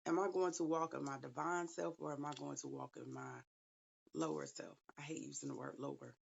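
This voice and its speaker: A woman's voice: fairly low pitch, vocal fry, muffled recording. A woman giving viewers a casual spiritual tarot reading, chatty and slangy, talking straight to them. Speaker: tarot reader.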